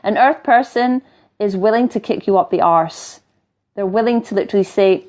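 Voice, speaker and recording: Blunt and chatty, this woman teaches spirituality in a mixed English and Scottish accent, her mid-range voice a little mellow and her speed normal. She regularly checks in with her listeners, repeatedly asking "right?", and drops a light swear here and there.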